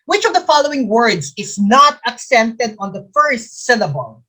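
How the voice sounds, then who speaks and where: A woman's voice: on the high side, sing-song, moderate pace, a bit bright. A woman with a Filipino accent teaching a live exam review quiz, repeating each question and answer and slipping into Tagalog. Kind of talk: live online quiz coaching.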